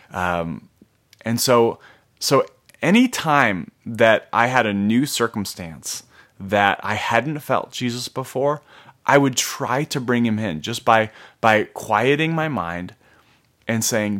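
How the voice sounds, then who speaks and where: A man in his thirties telling a personal faith testimony in a reflective way, often pausing with fillers and restarting his sentences. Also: fairly low pitch, fairly bright tone. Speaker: speaker sharing faith testimony.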